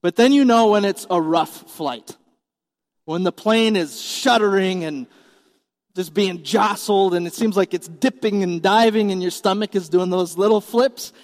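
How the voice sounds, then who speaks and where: A man's voice: sits high, a little slow, long reverb tail. A man in his forties preaching a sermon as pastor, earnest and emphatic, asking the congregation questions. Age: 40s.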